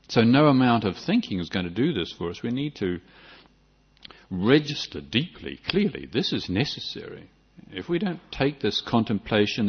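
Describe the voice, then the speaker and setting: An older New Zealand man, a Buddhist monk, gives a reflective dharma talk in a fairly low voice with a breathy edge. He often restarts his sentences and adds touches of light humor. The recording is dull and lo-fi.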